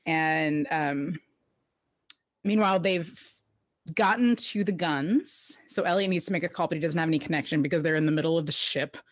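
Woman podcast host, low-ish voice, dry close sound, laughs a lot while she recaps an episode. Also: normal speed, dry recording. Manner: chatty, laughs often, animated quoting of characters. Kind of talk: casual chat.

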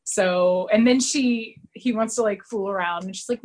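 A woman in casual podcast chat, retelling scenes with lots of fillers and quick quoted voices. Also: a little high, animated, husky, rough recording. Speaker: podcast co-host recapping a TV episode.

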